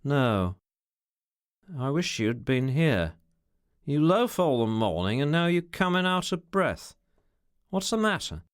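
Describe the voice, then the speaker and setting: A man doing a languid, sarcastic gentleman villain. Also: a little high, very animated, takes it slowly, long pauses, clear, resonant tone, dry recording. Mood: irritable. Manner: indolent, muttering, dry sarcasm.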